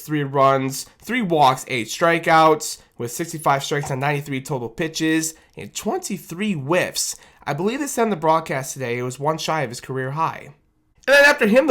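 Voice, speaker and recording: A man giving a casual, animated recap of his team's loss as a fan commentator, self-deprecating and rambling, talking into a desk microphone. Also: a little high. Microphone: desk microphone on camera.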